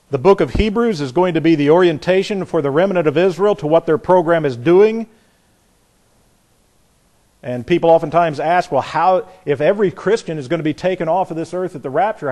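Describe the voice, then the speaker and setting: A man with a voice on the high side preaches a verse-by-verse Bible sermon with animation, acting out the voices in the stories and chuckling at his own points.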